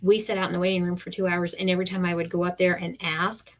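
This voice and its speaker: A woman's voice: fairly low pitch, quick pace, few pauses. A middle-aged woman, chatting casually and acting out quotes while crafting on a live stream. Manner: animated storyteller, acts out quotes.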